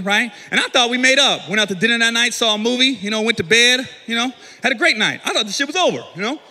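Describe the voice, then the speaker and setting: A man performing a stand-up comedy set, telling a story in an animated way and yelling his punchlines loud. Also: very high-pitched, rapid-fire, few pauses, long reverb tail.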